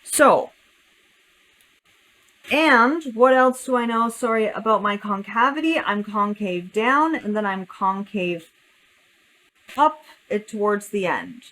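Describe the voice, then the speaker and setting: A woman's voice: mid-range voice, animated, slow, pauses often, fairly bright tone, low-quality recording. A woman teaching a calculus lesson step by step, thinking aloud and correcting herself as she draws a graph. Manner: thinking aloud while drawing, self-correcting. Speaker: math teacher.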